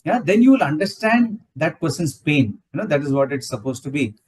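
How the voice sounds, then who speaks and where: A man's voice: on the high side, sing-song, fairly quick, a little mellow, slightly rough, distant mic, low-quality recording. A man explaining ideas in a spiritual talk, often checking in with "right?". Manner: explanatory, ends points with "right?". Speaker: satsang speaker.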